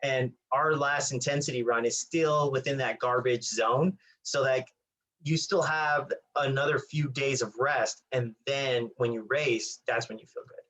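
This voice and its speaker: A man's voice: medium pitch, fairly even intonation, a little slow, fairly bright tone, low-quality recording. A man co-hosting a running podcast, casually explaining training with many fillers. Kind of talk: casual chat.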